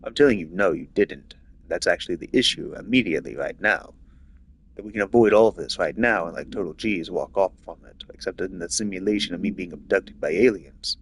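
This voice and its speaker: A man's voice: low voice, fairly quick, a little hiss or hum. A man streaming a video game, rambling casually through a long train of thought with lots of filler words. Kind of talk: casual rambling commentary over gameplay.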